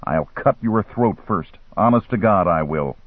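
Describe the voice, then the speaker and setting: Brief: man playing a cornered, shaky-voiced man, husky, tinny phone sound. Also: low-pitched, animated, a little slow, dry recording. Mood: furious. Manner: tense, shaky, defiant. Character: frightened, angry American man in danger.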